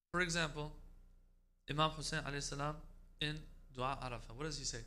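A man's voice: on the high side, bright, forceful tone. A man giving a religious lecture, speaking emphatically, asking rhetorical questions and quoting Arabic prayers.

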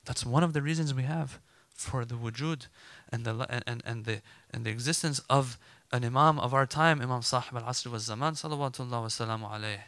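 A man preaching a sermon to a gathered crowd, animated and emphatic, acting out imagined dialogue to make his points. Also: medium pitch, fairly quick, hardly any pauses, dry recording.

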